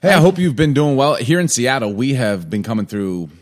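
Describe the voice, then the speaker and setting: A man's voice: mid-range voice, big pitch swings, brisk. A man from Chicago, around his forties, co-hosting a casual podcast and reflecting in rolling, repeated phrases. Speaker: podcast co-host.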